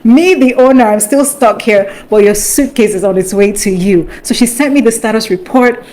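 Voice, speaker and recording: A middle-aged woman tells a personal testimony in an animated way. She acts out the voices of the people in her story and slips into bursts of praise. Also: mid-range voice, moderate pace. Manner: excitable storytelling, acts out quotes, breaks into praise. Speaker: guest sharing a testimony.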